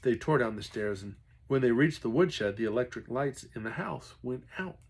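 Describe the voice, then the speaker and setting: A man's voice: medium pitch, normal speed, husky. A man reading a children's novel aloud expressively, now and then talking to his listeners. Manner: expressive, stops to chat with listeners. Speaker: reader.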